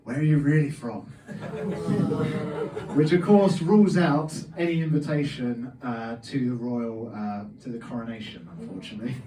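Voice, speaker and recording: A man's voice: on the high side, slight background noise. A young man performing a stand-up comedy set in a packed comedy club, acting out his dad's lines in his anecdotes. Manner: animated storytelling, plays out his dad's lines. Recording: roomy club sound from a distant camera. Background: faint audience laughter.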